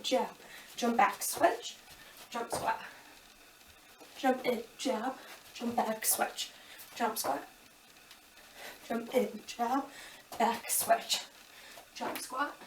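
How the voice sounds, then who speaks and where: A woman's voice: on the high side, a bit bright, slight background noise. A woman fitness instructor giving upbeat, chatty coaching cues during a home kickboxing workout, a bit out of breath. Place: home room. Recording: echoey room from a distance.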